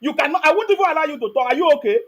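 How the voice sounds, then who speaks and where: A man's voice: extremely high pitch, expressive, very fast. A man with a Nigerian accent hosting an online broadcast, angrily insulting a caller, stammering and repeating himself. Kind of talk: heated live-stream argument.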